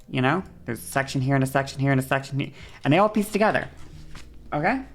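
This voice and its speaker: Woman, deep for a woman, casual stream explainer, bouncy, swears. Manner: bouncy, varied pitch and shifting pace.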